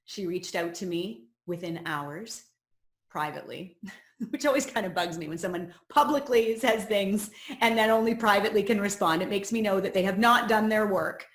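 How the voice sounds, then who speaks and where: A woman's voice: mid-range voice, moderate pace. A woman coach leading a personal growth course, sharing her own story in an earnest, reflective teaching talk. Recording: roomy echo.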